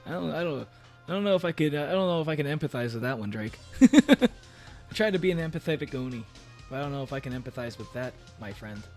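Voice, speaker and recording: A man chats on a relaxed stream in a slightly raised voice, joking in character as a demon. He rambles and restarts his sentences with plenty of fillers, and soft music plays faintly behind him. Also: fairly high pitch, fast. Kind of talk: casual livestream chat, reading aloud and reacting. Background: faint background music.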